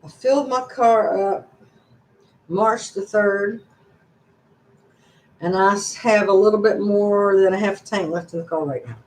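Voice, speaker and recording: A woman's voice: medium pitch, measured pace, long pauses, darkish tone. An older woman hosting a casual live-stream chat, rambling along in a folksy, chatty way. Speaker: channel host. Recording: echoey room.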